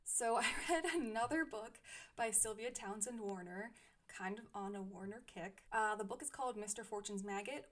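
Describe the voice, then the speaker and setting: A young woman reviewing books she has read, speaking thoughtfully with frequent small laughs. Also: medium pitch. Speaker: book reviewer. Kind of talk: casual book review.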